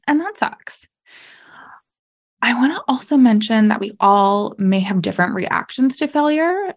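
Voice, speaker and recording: A young adult woman hosting a solo podcast, talking casually and candidly, laughing often and filling with "like" and "you know". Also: a little high. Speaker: podcast host.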